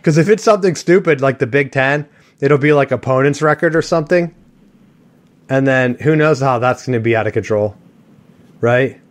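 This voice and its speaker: Guy on a sports podcast, rambling and joking, opinionated, mid-pitched voice. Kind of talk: casual sports chat.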